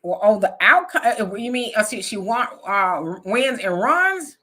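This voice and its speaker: A woman's voice: mid-range voice, lively intonation, a little slow, bright, forceful tone. A woman hosting a casual live online talk show, reading viewer comments aloud, frank and laughing often.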